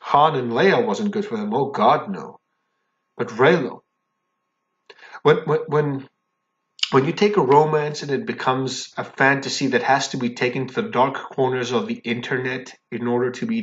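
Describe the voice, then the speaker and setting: A man at a middling pitch delivers a heated, indignant rant straight to camera. He repeats himself and restarts when worked up, and keeps tagging his points with a pointed "okay?". The sound is dull and lo-fi, like a cheap home mic. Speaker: fan commentary vlogger. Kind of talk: angry ranting monologue.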